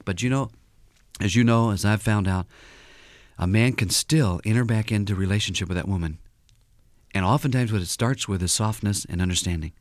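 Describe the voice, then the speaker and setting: A man's voice: lowish voice, brisk, no echo, studio quality. A man speaking as a guest counselor on a radio talk show, earnestly explaining with examples and acted-out quotes. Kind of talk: radio interview, teaching with examples.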